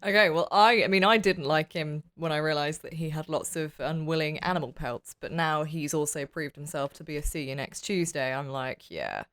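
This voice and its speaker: A woman's voice: low voice, expressive, normal speed, hardly any pauses, fairly bright tone. A woman playing a tabletop game, blunt and joking, with lots of fillers. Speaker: player. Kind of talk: casual in-character chat.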